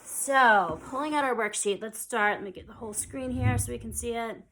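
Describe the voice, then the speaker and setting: A woman teaching an online music theory lesson, counting beats aloud and explaining in a relaxed, conversational way. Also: a little high, moderate pace, a little hiss or hum. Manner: relaxed and conversational, with fillers and restarts.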